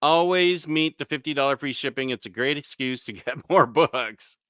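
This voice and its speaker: Bright, clear-voiced man hosting a stream. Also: medium pitch, normal speed, no room sound, clean studio sound. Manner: easygoing, chatty, with frequent fillers and mild self-corrections. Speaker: live stream host. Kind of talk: casual live-stream chat, reading viewer comments.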